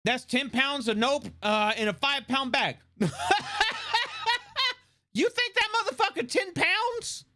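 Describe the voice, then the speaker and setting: A man's voice: extremely high pitch, slow, pauses often. A man streaming live, chatting casually and animatedly with lots of swearing and laughter. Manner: animated, profane, laughing often.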